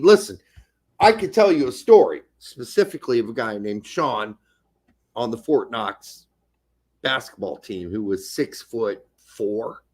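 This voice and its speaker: A middle-aged man and podcast co-host, telling a story in profane, animated casual chat. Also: medium pitch.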